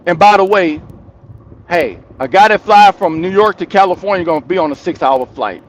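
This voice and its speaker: A man's voice: high-pitched, normal speed. A man hosting his channel, giving his opinion in casual commentary, talking straight to his viewers, laughing between points and repeating himself for emphasis. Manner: emphatic and repetitive, hammering points home. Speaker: channel host.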